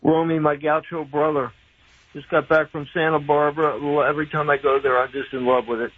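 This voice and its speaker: A man's voice: a little high, little pitch movement, a little fast, slightly rough. A man calling into a radio show in a chummy, enthusiastic way. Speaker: caller. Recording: phone line with faint noise.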